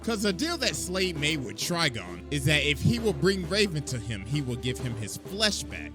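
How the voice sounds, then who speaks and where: A man hosting a comedic cartoon recap, storytelling with heavy slang and bursts of shouting. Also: on the high side, very animated, normal speed, over music. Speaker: host.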